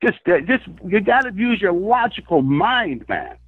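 A man being interviewed over the phone about his low-budget film, telling stories in an animated, excitable, profane way. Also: a little slow, dry recording. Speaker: filmmaker guest. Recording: tinny dry phone line.

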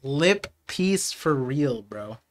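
A young adult man streaming a live reaction, excitable and laughing, then turning quiet and reflective. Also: medium pitch, very slow. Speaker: streamer reacting to a manga chapter.

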